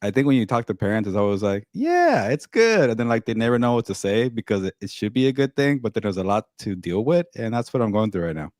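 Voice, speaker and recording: A man's voice: fairly low pitch, quick pace, few pauses, darkish tone, dry recording, clean studio sound. A man co-hosting a podcast, talking in a rambling way about life as a new father. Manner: rambling, self-interrupting. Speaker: podcast co-host. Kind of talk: casual chat.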